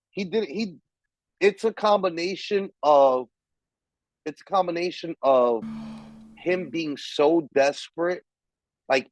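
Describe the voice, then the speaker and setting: Man, podcast host, heated profane rant, slightly high pitch, dry close sound. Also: no echo, poor audio. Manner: heated, profane, emphatic ranting. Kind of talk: casual chat.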